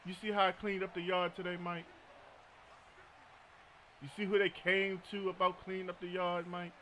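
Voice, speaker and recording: Game streamer, man, high voice, joking, storytelling banter. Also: little pitch movement, moderate pace, pushed and bright, slight background noise. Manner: joking, storytelling, frequent laughter. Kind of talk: casual gaming commentary.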